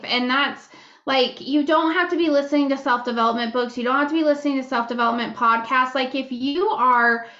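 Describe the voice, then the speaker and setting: A woman's voice: high-pitched, a bit bright, muffled recording. A woman co-hosting a podcast, talking candidly and casually, swearing freely and giggling now and then. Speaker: podcast co-host. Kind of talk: casual chat.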